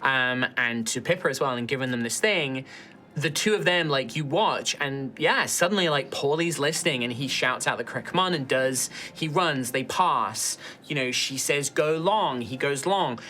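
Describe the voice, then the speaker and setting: A man's voice: mid-range voice, moderate pace, pushed and bright, a little hiss or hum. A man narrating as game master, in a loose, chatty way with many fillers.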